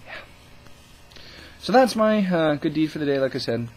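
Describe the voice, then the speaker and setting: A man's voice: a little high, expressive, moderate pace, darkish tone, slight background noise, poor audio. A young man talking into the camera in a casual vlog, ranting with scorn and constant swearing. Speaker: vlogger.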